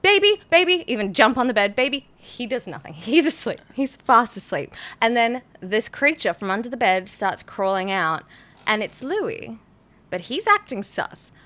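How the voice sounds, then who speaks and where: A woman hosting a podcast, telling a spooky anecdote in a lively, laugh-filled way. She acts out her own reactions and keeps the story moving. Her voice sits at an ordinary pitch for a woman. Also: moderate pace. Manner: animated storytelling with frequent laughs. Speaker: podcast host. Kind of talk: casual chat.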